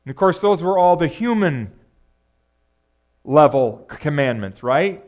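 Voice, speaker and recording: A pastor preaching a sermon in a conversational way, often asking the congregation rhetorical questions. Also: male voice, fairly high pitch, expressive, measured pace, a little mellow.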